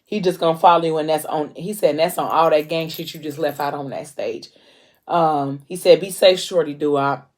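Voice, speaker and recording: Low-pitched woman, chatty book-recap host who slips into the characters' lines. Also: steady tone, moderate pace, a little mellow. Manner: chatty retelling with many fillers, briefly acting out characters' lines. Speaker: book vlogger recapping a novel.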